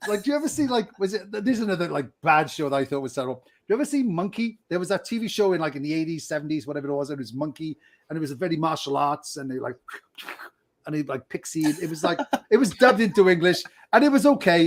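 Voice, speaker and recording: A man co-hosting a casual podcast, rambling and joking with frequent laughs. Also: high-pitched. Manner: laughing, rambling, jokey asides. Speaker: podcast co-host. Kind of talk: casual chat.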